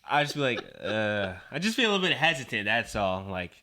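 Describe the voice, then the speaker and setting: A man's voice: fairly low pitch, big pitch swings, brisk, bright, forceful tone. A man as a podcast guest in casual chat, hesitant and rambling with many fillers.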